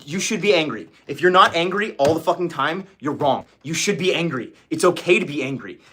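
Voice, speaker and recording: A man's voice: fairly high pitch, animated, a little fast, pushed and bright. A man hosting a casual livestream chat, ranting with lots of swearing and laughing often. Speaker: livestream host.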